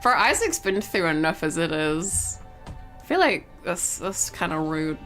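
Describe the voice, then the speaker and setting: A woman's voice: on the low side, very animated, measured pace, a bit bright. A young woman streaming live, chatting casually and rambling, with frequent giggles and casual swearing. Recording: faint game music behind.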